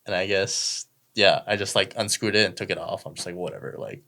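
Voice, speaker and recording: Chill young guy telling a story, low gravelly voice, swears a lot. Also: fairly even intonation, fairly quick, pushed and bright. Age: young adult. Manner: laid-back, swears freely, acts out quotes. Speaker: podcast guest. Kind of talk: casual storytelling.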